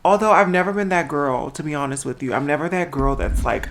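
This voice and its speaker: A transgender woman vlogging casually at home into a small microphone, chatty and animated, with a habit of talking loudly. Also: low-pitched, a little fast, a little hiss or hum. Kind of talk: casual vlog chat. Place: indoors at home. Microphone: small microphone on a handheld tripod.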